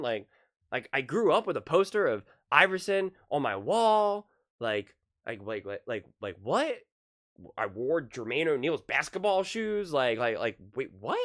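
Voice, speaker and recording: A young man hosting solo sports commentary, rambling and exasperated, repeating "like" a lot as he talks. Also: on the high side.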